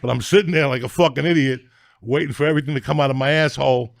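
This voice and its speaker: A middle-aged man telling comic stories as a podcast guest, loud, ranting and foul-mouthed. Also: mid-range voice, fairly even intonation, racing, vocal fry, no echo, clean studio sound. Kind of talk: profane comic storytelling.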